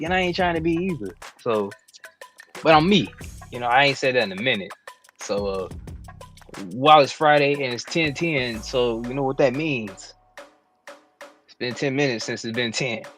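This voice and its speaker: A man's voice: medium pitch, a bit bright. Male podcast co-host, casual rambling chat, faint music behind. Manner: rambling, lots of "you know" fillers.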